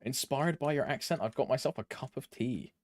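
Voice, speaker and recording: A man's voice: mid-range voice, brisk, no echo. A young man from Britain chatting casually with his live-stream chat, rambling and humming between lines. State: allergies flaring up.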